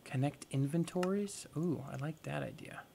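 A man's voice: a little high, moderate pace, vocal fry, mellow, slight background noise. A man hosting a gaming video, giving casual let's-play commentary and thinking aloud with playful, goofy exclamations.

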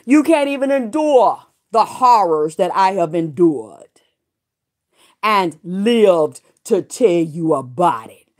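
A woman's voice: fairly low pitch, darkish tone. A middle-aged woman ranting on a livestream, defiant and profane, hammering her points home with repeated emphatic declarations. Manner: defiant, swearing, preaching.

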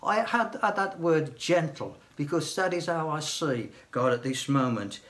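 An older man, a church elder, preaching a sermon in a slow, gentle way and dropping to a hush on key phrases. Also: on the high side.

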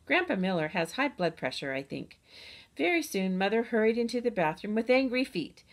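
A chatty, boastful kindergarten girl narrates her own storybook tale, as a woman reads her aloud. She talks in a lively, childlike way with playful grammar. Her voice sits at a medium pitch. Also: moderate pace. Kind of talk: audiobook reading.

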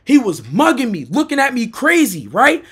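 A young American man who streams, telling a personal story in a loose, profane way, going from low mutters to shouts. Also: wildly swooping pitch, normal speed, husky. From United States. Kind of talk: storytime chat.

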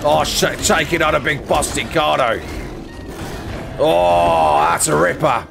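A man's voice: on the high side, sing-song, takes it slowly, vocal fry, music in the background, heavily acted. A man putting on an over-the-top Australian wildlife adventurer in a game video, exclaiming in slang and bursting into laughs. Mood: excited. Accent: put-on Australian. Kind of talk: gaming role-play.

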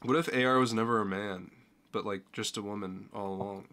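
A man's voice: on the low side, fairly even intonation, a little fast, bright, forceful tone, a little hiss or hum. A man hosting a casual live stream, joking with friends in a voice chat and reading viewer comments aloud. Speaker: streamer host.

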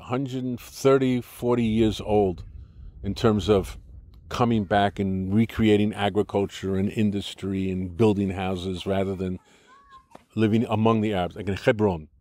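A man's voice: on the low side, a little mellow, no room sound. An older American-born man with an American accent, giving an interview in an argumentative, lecturing way, restarting sentences often. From United States. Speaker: interview guest.

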